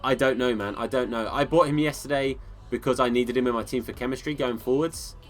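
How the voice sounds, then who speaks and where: A man with an English accent streams a football game live, mixing running commentary on the match with friendly replies to his viewers. His voice sits at a middling pitch, relaxed and chummy. Faint game music plays underneath. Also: brisk. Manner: casual, friendly, calls viewers bro and mate. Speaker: gaming streamer.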